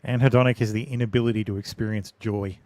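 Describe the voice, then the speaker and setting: A man's voice: lowish voice, fairly even intonation, fast talker, darkish tone, no echo. A man in casual livestream chat, joking and prone to tangents.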